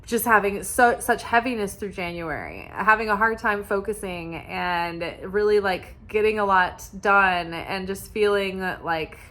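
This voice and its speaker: A woman's voice: medium pitch, animated, a little slow, few pauses, sharp tone. Rambling woman chatting casually. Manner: rambling, many fillers and restarts. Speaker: tarot reader. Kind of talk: casual spiritual chat.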